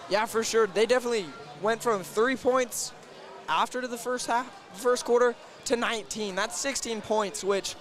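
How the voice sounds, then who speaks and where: A young man calling a high school basketball game play by play, getting excited and shouting on big plays. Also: moderate pace. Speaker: play-by-play announcer. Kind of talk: sports commentary. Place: school gym. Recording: gym crowd and music behind.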